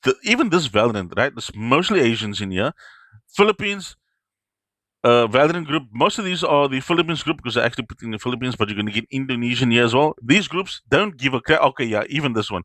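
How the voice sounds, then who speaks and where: A man's voice: mid-range voice, animated, fast talker, fairly bright tone, no room sound, clean studio sound. A man hosting a gaming channel, delivering a frustrated, blunt and rambling rant in casual commentary. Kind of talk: ranting commentary vlog.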